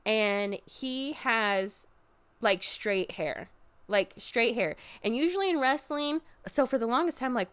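A woman recapping a show in casual chat, animated and expressive, swearing freely and jumping up in pitch when excited. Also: smooth. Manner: jumps high in pitch when excited, drops low for asides.

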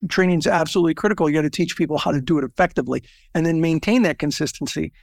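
Older man, interview guest, analogies and anecdotes, dry close sound, fry in the voice. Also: a little high, rapid-fire, no room sound. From Southern California. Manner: storytelling with quoted voices and analogies. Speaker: guest, networking organization founder. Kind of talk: interview conversation.

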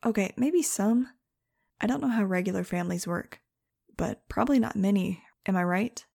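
A woman's voice: medium pitch, brisk, gravelly, a little mellow, no room sound, clean studio sound. A woman narrating an audiobook in the first person, in a sarcastic, wisecracking, chatty way.

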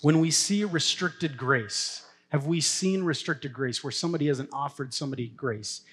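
A middle-aged man, a pastor, preaching a sermon in a casual, story-telling way and laughing now and then. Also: on the high side. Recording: long hall reverb.

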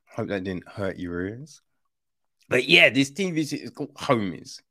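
A man's voice: mid-range voice, sing-song, normal speed, bright, forceful tone. A man giving a casual spoken film review, often tagging his points with "right?" and "you know". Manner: conversational, keeps asking "right?"; swears casually.

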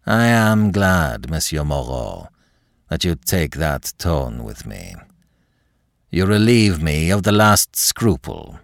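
A man's voice: extremely low pitch, big pitch swings, slow pace, vocal fry, no room sound, studio quality, heavily acted. A man voicing a cold, desperate aristocrat who speaks in an icy, clipped, menacing way.

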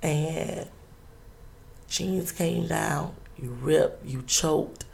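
A woman telling a personal story in an interview, halting and earnest, with many pauses and restarts. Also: sits low, gravelly, a little mellow, slight background noise.

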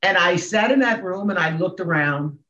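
Woman in her 60s, podcast guest, emphatic storytelling, sudden loud highs, roomy muffled sound. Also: lively intonation, moderate pace. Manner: emphatic, with sudden jumps up and down in pitch and volume. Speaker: guest, comedian and motivational speaker. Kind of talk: emotional storytelling in a podcast interview. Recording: echoey, dull room sound.

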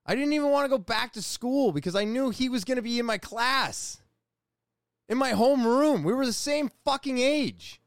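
High-voiced man telling a story. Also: moderate pace, dry recording, clean studio sound. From New England, USA. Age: 40s. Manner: profane, animated, frequent restarts. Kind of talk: casual personal storytelling.

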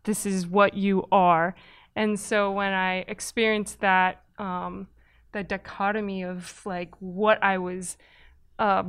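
Woman filmmaker guest: animated, talkative, smooth clear voice, dry close mic. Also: medium pitch, dry recording. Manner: animated, talkative, laughs often. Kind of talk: casual interview chat.

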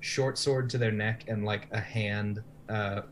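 A man's voice: fairly low pitch, steady tone, a little slow, slight background noise. A man playing in a tabletop game, describing his character's actions with many fillers. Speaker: player. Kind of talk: casual tabletop play.

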